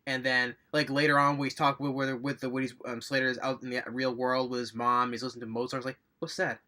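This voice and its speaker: Guy doing a chatty movie review, bright tense voice, rambles and chuckles a lot. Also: mid-range voice, level tone, fast talker. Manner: rambling, enthusiastic recap with chuckles.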